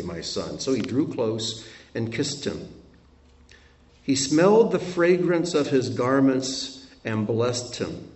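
Male Bible teacher with an animated, rising-and-falling delivery, heard in a roomy space from a mic some distance off. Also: medium pitch. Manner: reads verses aloud with expressive asides. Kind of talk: scripture teaching.

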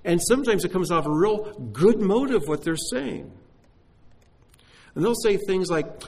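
A man's voice: sits high, lively intonation, normal speed, a little mellow, husky. A man preaching a sermon, emphatic, often repeating key phrases and putting questions to his listeners.

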